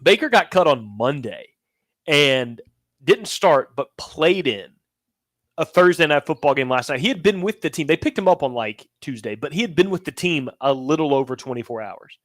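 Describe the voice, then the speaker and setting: Man, sports co-host, wry play-by-play recapper; slightly higher pitch, dry recording. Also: animated, normal speed, fairly bright tone, no echo. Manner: conversational, recaps games in detail, wry asides. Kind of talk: casual sports chat.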